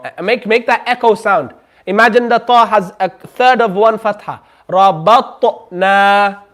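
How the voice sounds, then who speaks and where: A man teaching a Quran recitation class, patiently drawing out sounds slowly for students to repeat. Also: sits high, a bit bright. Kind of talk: classroom lesson. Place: community centre classroom.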